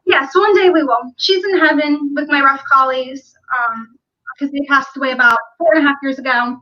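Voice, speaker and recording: A woman's voice: high-pitched, normal speed, highs cut off. A woman hosting a casual livestream chat, talking in a chatty way and reading viewer comments aloud. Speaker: livestream host.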